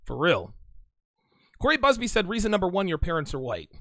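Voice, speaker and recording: A man talks through a casual livestream, reading out chat messages and firing back blunt, teasing replies. His voice sits a little high for a man. The sound is close and dry, with no room around it. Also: huge pitch swings, moderate pace, a bit bright, dry recording. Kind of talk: casual live-stream commentary.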